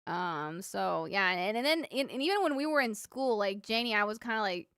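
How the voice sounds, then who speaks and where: A woman's voice: medium pitch, expressive, normal speed, fairly bright tone, smooth, no room sound, clean studio sound. A young woman livestreaming, telling childhood stories to her chat in a rambling, filler-heavy way. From Cuban family. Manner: rambling storyteller, lots of fillers, laughs at own stories. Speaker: livestream streamer. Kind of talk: casual chat with viewers.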